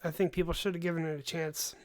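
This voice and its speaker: A young man chatting on a livestream into a desk mic, rambling and animated, breaking off for sighs and quick asides. His voice is starting to tire after long hours of talking. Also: fairly high pitch. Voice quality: voice tiring, gives out after long talk. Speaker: host. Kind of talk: casual livestream chat.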